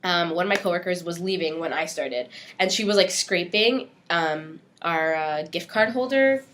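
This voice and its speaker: A young woman with a lowish voice co-hosts a podcast, telling a work story at a normal speed against slight background noise. She's animated in the casual chat, acting out what people said and laughing while she tells it.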